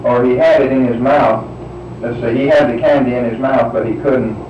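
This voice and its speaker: A man's voice: mid-range voice, fairly even intonation, normal speed, noisy background. A man interviewing someone, hesitantly prompting answers with example sentences. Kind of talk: dialect survey questioning. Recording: roomy, distant mic.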